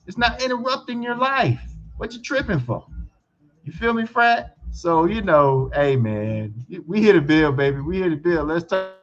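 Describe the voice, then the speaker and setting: A man's voice: sits high, big pitch swings, normal speed, highs cut off. A man in a casual discussion, talking earnestly and emphatically, repeating his points. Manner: earnest, preachy, emphatic repetition. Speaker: co-host.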